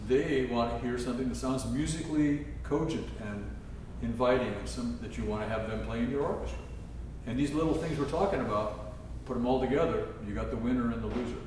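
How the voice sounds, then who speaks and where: A man's voice: medium pitch, fairly quick, a little mellow, slight background noise. A man teaching a trombone masterclass, breaking into scat-sung phrases to show how passages should go. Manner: scat-sings musical phrases to demonstrate. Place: chapel used as a concert hall. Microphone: distant room mic. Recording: echoey hall from far off.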